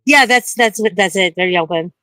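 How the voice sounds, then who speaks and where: A woman's voice: mid-range voice, moderate pace, pushed and bright, dry recording. Woman streamer outdoors at night, breathless and scared, curses freely, dry close sound. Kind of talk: casual livestream chat.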